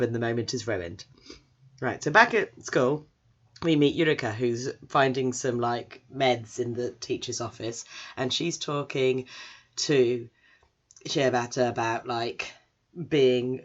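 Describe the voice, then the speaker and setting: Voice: medium pitch, fairly even intonation, measured pace. Chatty anime recapper. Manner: chatty, rambling, does character voices. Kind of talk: casual episode recap. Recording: dull lo-fi recording.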